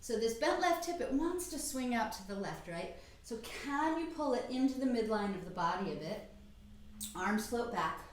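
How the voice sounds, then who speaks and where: A middle-aged woman teaches a yoga class in calm, encouraging instructions, breathing softly through the exhales and slightly winded from moving. Her voice rings in a very echoey room. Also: a little high, moderate pace.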